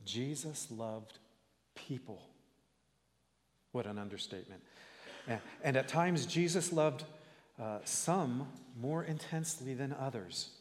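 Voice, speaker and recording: A man preaching a sermon deliberately, asking the congregation rhetorical questions. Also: medium pitch, expressive, big-room sound. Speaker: pastor.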